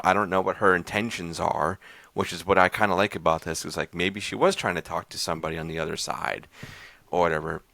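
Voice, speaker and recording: A man's voice: low-pitched, creaky, fairly bright tone, no room sound. A man hosting a podcast, casually recapping a horror short film in a rambling, loose way full of fillers. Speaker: podcast host reviewing horror short films.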